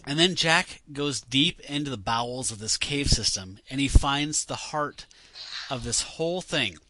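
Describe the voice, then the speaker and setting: Man, podcast co-host, casual rambling chat, bright voice, dry close mic. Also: mid-range voice, measured pace, no room sound. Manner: animated, rambling with fillers.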